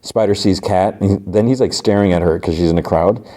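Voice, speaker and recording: The voice is a low-pitched, warm, mellow male one. A podcast host casually retells a TV episode and trails off into "like" and "uh" as he goes. His delivery is relaxed and conversational. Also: brisk. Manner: loose retelling full of "like" and "uh".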